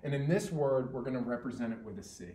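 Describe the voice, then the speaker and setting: A man's voice: medium pitch, lively intonation, fast, dark tone. A man tutoring one student in reading, patient and encouraging, praising each answer. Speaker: teacher. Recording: roomy with faint ambience.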